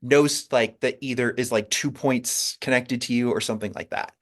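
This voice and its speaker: A man's voice: mid-range voice, fairly even intonation, moderate pace. A man, a comics writer as a guest, telling his story in a rambling way with many fillers and restarts. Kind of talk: conversational interview.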